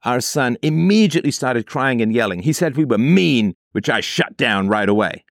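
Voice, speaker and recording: An animated man of medium pitch, speaking at normal speed, hosts a commentary in a dry studio recording. He reads out a letter from a parent and argues with it, posing rhetorical questions and mimicking quoted voices mockingly.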